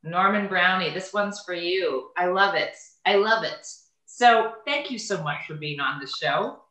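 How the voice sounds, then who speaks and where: A woman's voice: lowish voice, expressive, unhurried, sharp tone. Effusive woman host in an echoey room. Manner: effusive and affectionate. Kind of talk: casual interview chat.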